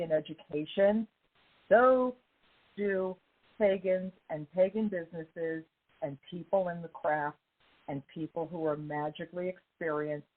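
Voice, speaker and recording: A woman hosting a podcast in casual chat, talking effusively and with emphasis, her voice a little hoarse after an illness. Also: lowish voice. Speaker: podcast host. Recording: phone-like narrow band.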